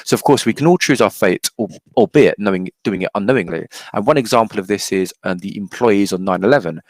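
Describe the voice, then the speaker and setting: A man's voice: on the low side, fast talker, no room sound. A man giving his opinions as a podcast guest, arguing point by point. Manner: argumentative, reasons point by point.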